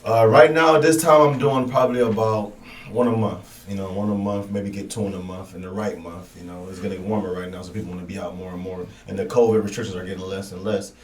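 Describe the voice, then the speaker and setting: A man's voice: low voice, steady tone, fast talker, reverberant, far from the mic. A Jamaican man with a Jamaican accent, a guest in a casual chat, laid-back and laughing often. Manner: laid-back, laughs often, says "you know" a lot. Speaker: guest, party host.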